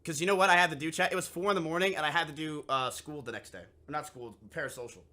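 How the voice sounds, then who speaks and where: A young man with a bright, forceful voice tells a wild story to his stream chat, pitched a bit high. He swears constantly and slips into the voices of everyone in the tale. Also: fast. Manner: profane and animated, acting out both sides of the conversation. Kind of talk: casual storytelling to a live chat.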